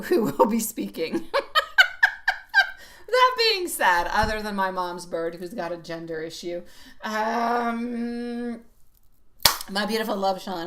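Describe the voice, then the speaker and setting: A woman's voice: on the low side, lively intonation, unhurried, a bit bright. A woman giving a live-streamed tarot reading, chatty and rambling, often laughing as she talks. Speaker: tarot reader.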